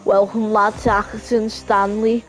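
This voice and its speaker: A woman's voice: medium pitch, little pitch movement, normal speed, natural voice. A woman voicing a chummy, blunt football club man with a put-on Scouse accent. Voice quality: exaggerated put-on voice.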